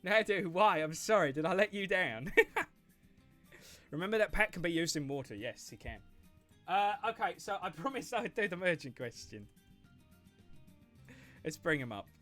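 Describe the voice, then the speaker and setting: A man's voice: a little high, expressive, unhurried, long pauses, bright, forceful tone, soft background music. Chatty, sweary male game streamer. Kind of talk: casual gaming livestream chat.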